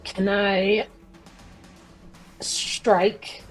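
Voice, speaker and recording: A woman's voice: mid-range voice, flat delivery, drawn-out words. A woman playing a tabletop game, hesitantly asking what her character can do. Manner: hesitant, asking rule questions. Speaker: player. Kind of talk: casual tabletop game talk. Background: soft fantasy music.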